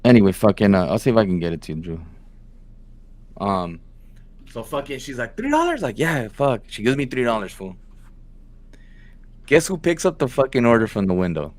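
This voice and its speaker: A man's voice: fairly low pitch, lively intonation, normal speed, pauses often, darkish tone, no echo. A young man co-hosting a podcast, telling a story in casual chat, slangy and profane. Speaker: podcast co-host.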